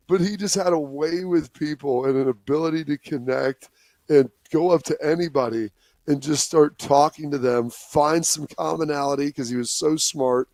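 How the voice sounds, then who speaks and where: A man in his forties, a former football player, remembering a late friend on a talk show, telling stories with quick quoted voices. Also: fairly high pitch, no room sound. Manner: storytelling, animated, slips into quoted voices.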